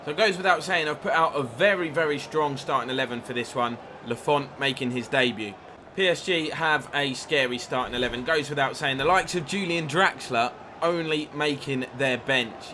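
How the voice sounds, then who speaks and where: A man's voice: medium pitch, normal speed, noisy background. A man giving chatty play-by-play commentary over his own football video game, livening up at big chances. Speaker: gaming YouTuber.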